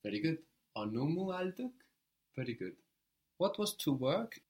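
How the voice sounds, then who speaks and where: A man teaching a language lesson, prompting a learner and repeating answers slowly and patiently. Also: a little high, big pitch swings, darkish tone.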